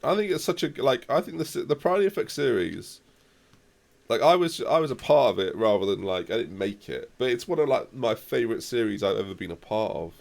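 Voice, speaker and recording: A young man commentating live on his football management game, reacting loudly to the match and chatting to viewers. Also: medium pitch, animated, brisk, gravelly.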